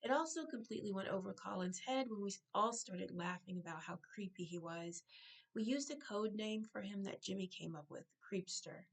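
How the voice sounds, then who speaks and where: Husky, gravelly woman reading her book. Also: medium pitch, moderate pace, low-quality recording. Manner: breaks off to correct herself and make asides. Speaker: author. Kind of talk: reading her own novel aloud.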